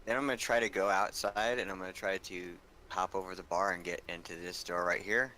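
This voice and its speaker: A man's voice: low-pitched, steady tone, a little fast, slight background noise. A man playing a tabletop game, laying out his character's actions step by step. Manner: plans actions out loud, step by step. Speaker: player.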